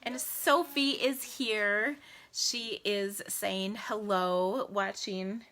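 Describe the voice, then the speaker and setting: A woman in her forties hosting a casual crafting live stream from home, bubbly and chatty and quick to laugh, talking into her phone camera. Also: mid-range voice, fairly even intonation, fairly bright tone. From United States. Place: at home indoors. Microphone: phone camera in selfie mode.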